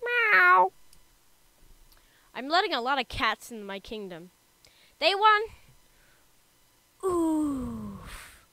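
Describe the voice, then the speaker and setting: Bright playful woman gamer. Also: sits high, big pitch swings, takes it slowly, pauses often. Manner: playful, reads dialogue aloud. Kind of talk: casual gameplay commentary.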